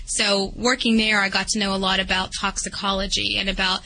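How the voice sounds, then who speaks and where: A woman's voice: medium pitch, flat delivery, fairly quick, sharp tone, low-quality recording. A woman from West Virginia with a Southern accent, a veterinarian chatting in a radio interview. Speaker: veterinarian guest. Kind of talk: phone-in interview.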